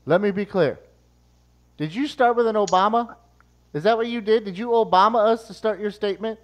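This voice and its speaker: A man's voice: sits high, fast talker, fairly bright tone. A man co-hosting a comedy show, needling his colleagues with teasing questions. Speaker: co-host. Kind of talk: casual comedic banter.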